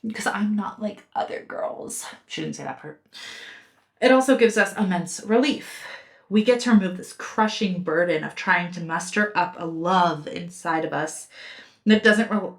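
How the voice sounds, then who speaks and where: A woman's voice: on the low side, normal speed. A young woman reviewing a book in casual commentary, heated and sarcastic, swearing often. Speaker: book reviewer and podcast host.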